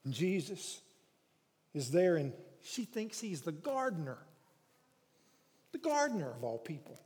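High-voiced preacher in a reverberant hall. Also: male voice, very animated, measured pace. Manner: shifts from hushed storytelling to loud emphatic preaching. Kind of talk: sermon.

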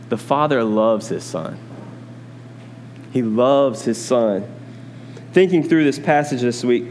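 A man's voice: mid-range voice, slight background noise. Man preaching a casual Bible sermon. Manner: teaching Bible study, conversational asides to congregation. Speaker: pastor.

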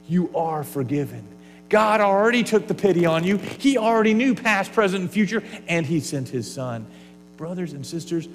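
A pastor with a slightly high voice preaches to his congregation in a big-sounding room. He is earnest and varies his loudness, sometimes dropping to a near whisper.

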